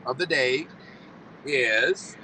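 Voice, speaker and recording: A man's voice: mid-range voice, very slow, background noise. A man hosting a live trivia stream, upbeat and playful as he reads questions, speaking from a vehicle. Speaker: trivia host.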